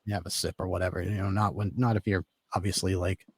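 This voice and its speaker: A man's voice: low voice, flat delivery, quick pace, darkish tone, husky, no room sound, clean studio sound. A man telling a long personal story in casual talk, rambling with lots of fillers. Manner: rambling, filler-heavy, laid-back. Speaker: podcast guest telling a story.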